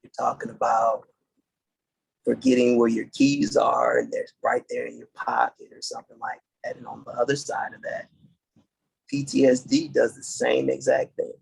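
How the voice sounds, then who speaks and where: Middle-aged man, podcast guest, husky gravelly voice, earnest halting storytelling. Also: medium pitch, animated, low-quality recording. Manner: earnest, halting, restarts dates. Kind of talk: casual interview storytelling.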